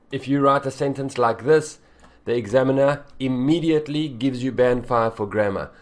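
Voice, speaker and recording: A male writing teacher works through a student's essay and marks its mistakes. He is blunt and exasperated, and he repeats his points with emphasis. His voice sits at an ordinary middle pitch. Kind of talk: essay correction lesson.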